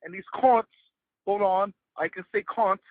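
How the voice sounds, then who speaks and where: A blustering British man rants down a tinny phone line, his voice high for a man and full of swearing. The dry, narrow sound shows it is a call, not the studio. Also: steady tone, a little slow, dry recording. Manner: profane, blustering. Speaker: caller. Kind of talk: comic rant over the phone.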